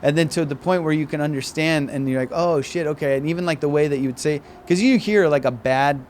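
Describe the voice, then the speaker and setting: A man from Iran, a stand-up comedian, chatting in a laid-back, animated way outdoors on a balcony. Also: on the high side, fast, slight background noise. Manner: animated, laid-back, says dude a lot. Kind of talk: casual chat.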